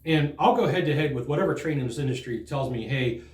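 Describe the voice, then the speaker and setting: Male sales trainer with a slightly high voice, earnest and casual, prone to restarts, recorded in a roomy space. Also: expressive, fast talker, darkish tone. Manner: earnest, conversational, repeats words when restarting. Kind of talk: direct-to-camera training talk.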